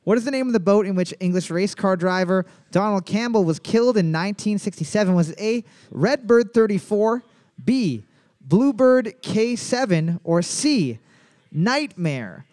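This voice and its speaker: A man with a high voice hosts a trivia night, reading each question twice. He slips in crude jokes and teasing asides between rounds. His delivery is loose and playful. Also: expressive, normal speed, darkish tone. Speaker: trivia host. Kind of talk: bar trivia hosting with banter.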